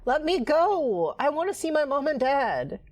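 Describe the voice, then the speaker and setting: A woman's voice: sing-song, measured pace, darkish tone, dry recording. A woman voicing a frightened young girl begging to be let go, reading game dialogue aloud in a pleading tone. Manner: pleading, high and tense.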